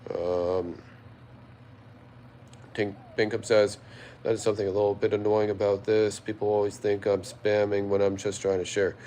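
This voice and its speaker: A man's voice: lowish voice, level tone, normal speed, long pauses, dark tone, slight background noise. A tipsy man hosting a livestream, reading chat aloud and answering in a rambling way, repeating himself often. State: tipsy after a few drinks.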